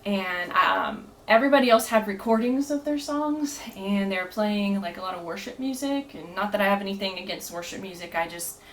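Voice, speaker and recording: A woman's voice: medium pitch, animated, brisk, few pauses, slight background noise, poor audio. A woman guest on a podcast, telling her story earnestly with many fillers and frequent laughter. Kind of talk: casual storytelling.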